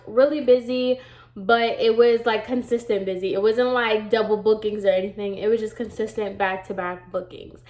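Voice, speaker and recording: A woman's voice: mid-range voice, darkish tone. A young woman with a stuffy nose from a cold, chatting through a rambling storytime at home, full of "like" and "y'all". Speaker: storytime vlogger. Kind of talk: casual storytime chat. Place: home room. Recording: roomy home echo.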